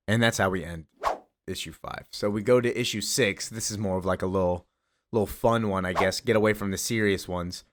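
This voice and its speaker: A man's voice: fairly low pitch, steady tone, fairly quick. A young man hosting a casual comic-book recap, chatty and loose, laughing as he goes. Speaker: comic video host.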